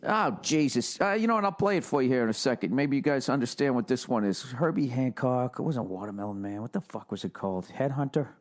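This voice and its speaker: A man's voice: mid-range voice, expressive, fast, few pauses. A male comedian ranting sarcastically on a podcast and swearing constantly.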